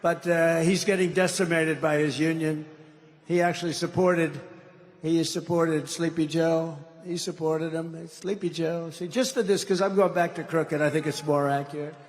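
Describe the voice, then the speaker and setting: Speaking as a candidate at a campaign rally, this older man has a voice on the high side, with a steady tone and moderate pace. His talk wanders and mocks, and he needles the crowd with little asides. A large hall with a crowd surrounds him, heard through long reverb and faint ambience.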